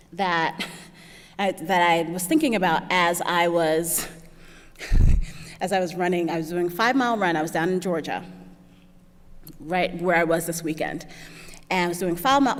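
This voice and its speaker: Chatty woman speaker in a big hall. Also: fairly low pitch. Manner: chatty, laughs often, acts out what others said. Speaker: keynote speaker. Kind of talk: storytelling keynote talk. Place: large lecture hall.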